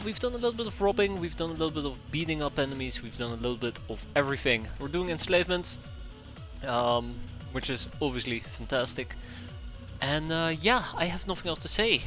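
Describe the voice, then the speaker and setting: A man's voice: mid-range voice, a bit bright. A man streaming a strategy game, chatting casually and rambling upbeat with many ums and restarts. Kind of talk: casual let's-play commentary.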